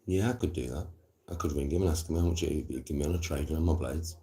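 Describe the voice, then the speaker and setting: A young man chatting to his live-stream viewers in a casual, animated way, full of slang and swearing. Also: rumbling low, fast talker. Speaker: livestreamer.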